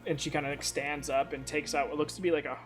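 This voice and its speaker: A man's voice: on the high side, little pitch movement, quick pace, faint music behind. A man narrating as game master, casual and rambling, swearing freely.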